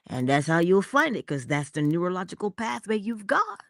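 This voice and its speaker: A woman's voice: lowish voice, sing-song, normal speed, no echo, studio quality. A woman giving a motivational talk in a playful, theatrical manner. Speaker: inspirational speaker.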